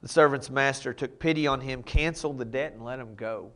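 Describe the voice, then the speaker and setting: A man's voice: mid-range voice, brisk, a bit bright. A man preaching a sermon, reading scripture and explaining it in a plain, conversational way. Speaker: pastor.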